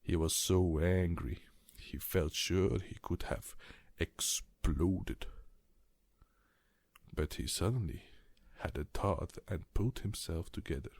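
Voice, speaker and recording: A man reading a bedtime story aloud in a calm, soothing, soft-spoken ASMR manner. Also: deep voice, slow pace, long pauses, no echo.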